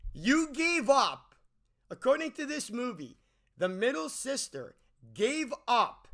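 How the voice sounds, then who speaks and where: A man's voice: sits high, a bit bright. A man giving an exasperated, ranting movie review, often stumbling and repeating words as he restarts. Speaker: movie critic.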